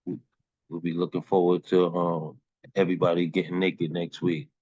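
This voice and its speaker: Man, open mic host, very deep voice, relaxed and playful, dull lo-fi call audio. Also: moderate pace, slightly rough, no echo. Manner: laid-back, playful, slangy. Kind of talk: casual hosting on a video call.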